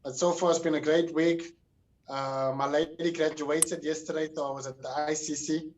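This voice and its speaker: Man from South Africa, co-host, relaxed casual chat, says "man" a lot, higher voice. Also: normal speed, distant mic, slight background noise. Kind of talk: casual online show chat.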